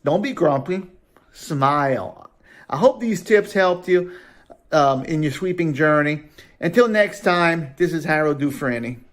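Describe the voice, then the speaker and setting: A man's voice: on the high side, expressive, unhurried. A man presenting a short segment of advice, upbeat and direct. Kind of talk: giving tips to camera.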